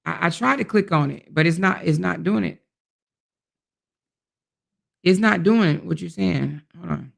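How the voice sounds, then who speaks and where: Hosting a casual livestream, a woman talks straight to her viewers and reads their chat comments aloud, indignant and emphatic as she repeats her points. Her voice sits on the low side, with vocal fry, a measured pace, and long pauses.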